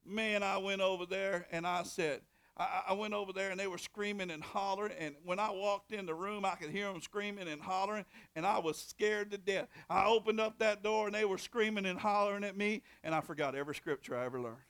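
High-voiced preacher man. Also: fairly quick, clear, resonant tone. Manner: preaching with rising shouted bursts and call-and-response. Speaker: pastor. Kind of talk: sermon.

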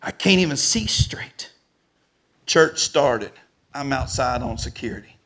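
A man preaching a storytelling sermon, animated and rising to shouts at the peaks. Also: mid-range voice, a little slow.

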